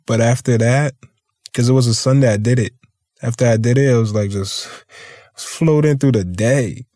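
In clean, echo-free studio audio, a male podcast host tells stories in a loose, meandering style, cursing freely and laughing often throughout this casual chat. His voice is mellow and medium-pitched.

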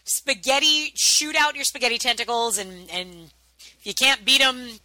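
Woman hosting a podcast, jokey and upbeat, super bright voice, kinda highish. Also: normal speed, low-quality recording. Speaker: podcast hostess. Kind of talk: casual chat.

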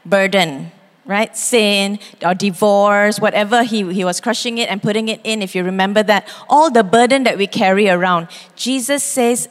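Expressive lady pastor, sermon in a big echoey church hall. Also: medium pitch, moderate pace. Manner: expressive, acts out quoted voices, laughs easily. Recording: long reverb in a church hall.

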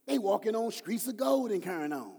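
Male pastor, high voice, preaching style that jumps from hushed to shouted and sung, long hall reverb. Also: expressive, a little fast, husky. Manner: preaching with rising, shouted emphasis and sung phrases; often drops to a low, hushed voice when quoting prayers. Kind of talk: sermon.

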